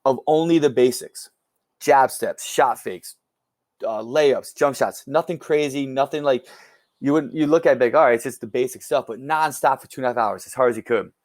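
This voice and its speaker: A man's voice: mid-range voice, normal speed, a little mellow, no echo, studio quality. A man in casual podcast conversation, telling a story with lots of loose fillers.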